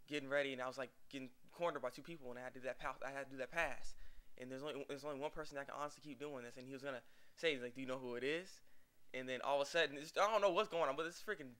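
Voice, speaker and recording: Fast-talking bright young man rambling. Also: medium pitch, clear, resonant tone. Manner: rambling, acts out characters' lines with laughs. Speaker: anime reviewer. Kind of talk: casual episode recap.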